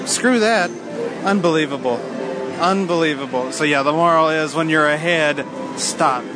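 A man with a slightly high voice chatting casually and joking as a podcast host. Music plays clearly behind him. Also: normal speed. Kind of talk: casual chat.

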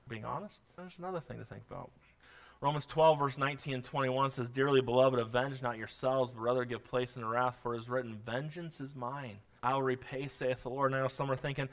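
A man's voice: medium pitch, brisk, a bit bright. A man preaching a sermon, quoting scripture and pressing his points with rising emphasis, with a folksy, self-deprecating aside. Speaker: pastor.

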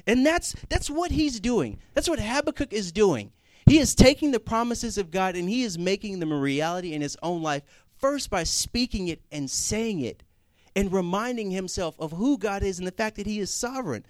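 Animated young male preacher. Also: sits high, normal speed, dry recording. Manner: conversational, animated, rising to emphatic reading. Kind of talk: sermon.

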